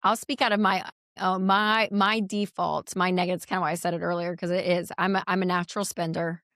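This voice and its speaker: A woman's voice: on the low side, flat delivery, brisk, fairly bright tone, dry recording, studio quality. A woman in her thirties, a podcast guest, chatting candidly and telling stories with easy laughs. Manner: chatty storyteller, laughs easily. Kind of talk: candid conversational interview.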